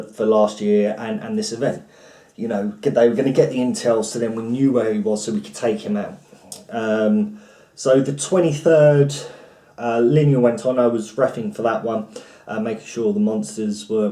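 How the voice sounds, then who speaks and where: A man's voice: lowish voice, mellow. A man chatting casually at home as a vlogger, rambling with many restarts while recapping a role-play event. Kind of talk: casual chat. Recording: roomy, from far off the mic.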